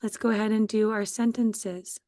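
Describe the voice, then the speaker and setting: A woman's voice: medium pitch, flat delivery, moderate pace, dark tone, dry recording, clean studio sound. A woman teaching a phonics spelling lesson to children, patiently sounding out letters and syllables one at a time.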